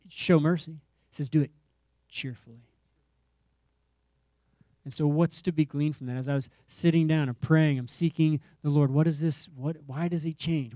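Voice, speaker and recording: Emphatic male pastor, mellow dry voice. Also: a little high, dry recording. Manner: emphatic preaching with repeated phrases and rising calls. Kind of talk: sermon.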